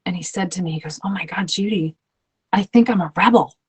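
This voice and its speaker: A woman's voice: lowish voice, brisk, a little mellow, slightly rough. A woman coach talking to parents in a chatty, loose way, full of ums and restarts, acting out the voices she quotes. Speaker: ADHD coach.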